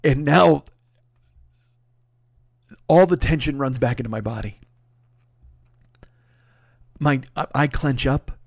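A man telling a comic story casually, profane and animated, dropping low to retell a moment then rising in exasperation. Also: slow, creaky, long pauses, no echo, studio quality. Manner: profane, animated, swings between hushed retelling and loud exasperation. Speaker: comedian storyteller.

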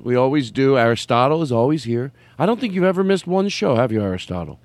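A man hosting a comedy podcast, talking in loose, loud banter and slipping into silly voices. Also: mid-range voice, quick pace, no room sound. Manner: animated, loud, lots of silly voices and bits. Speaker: podcast host. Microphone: studio mic.

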